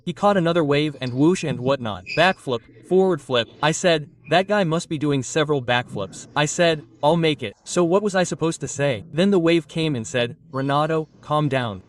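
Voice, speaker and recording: A man doing stand-up comedy, telling a story and acting out the scenes and the other people in it. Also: a little high. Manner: animated, acts out scenes and quotes others. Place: comedy stage before a live audience. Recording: stage voice heard from a distance with a laughing crowd. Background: audience laughter.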